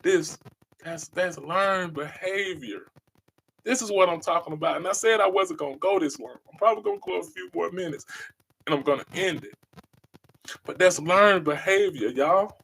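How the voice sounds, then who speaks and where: A man with a notably high voice holds forth in a passionate podcast monologue. He preaches emphatically and circles back to the same phrases again and again, pressing each point home. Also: moderate pace, creaky, a bit bright, slightly rough. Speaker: podcast host.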